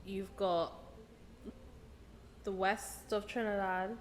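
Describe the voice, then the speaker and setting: A woman's voice: mid-range voice, flat delivery, takes it slowly, slight background noise. A woman in a casual interview chat, thinking aloud as she talks, trailing off and correcting herself mid-sentence.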